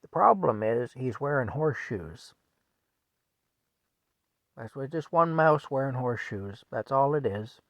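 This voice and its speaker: Man playing a calm farmer, deadpan, unhurried, gravelly, dry. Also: a little high, no echo, muffled recording, pitched above the performer's own voice, full character voice. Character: calm, nonchalant old-time farmer, middle-aged man.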